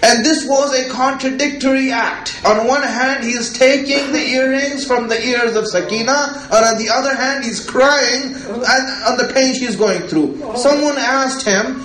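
A man's voice: very high-pitched, measured pace, few pauses, a crowd in the background. A man preaching a religious sermon, repeating himself and asking "right?" as he goes. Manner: repetitive, rhetorical, often asks "right?". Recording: echoey room.

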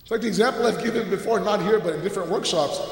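A man with a loud, booming voice gives an earnest, animated sermon with humorous asides, his mic held away from his mouth. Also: racing. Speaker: religious lecturer. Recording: echoey hall with long reverb.

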